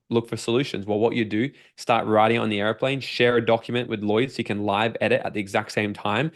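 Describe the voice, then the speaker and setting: A man with an Australian accent, a personal development coach talking as a podcast guest, energetic and swearing freely as he acts out his own inner voice. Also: medium pitch.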